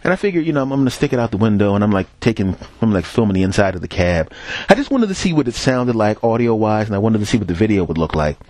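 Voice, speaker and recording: A man from Philadelphia talks into a headset as he walks through the city, telling a rambling, profane story for his podcast. His voice sits low but swings widely, and the sound is close and dry. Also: big pitch swings, quick pace, a little mellow, no room sound. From Philadelphia, USA. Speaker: podcast host. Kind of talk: casual solo monologue while walking. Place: city street, outdoors.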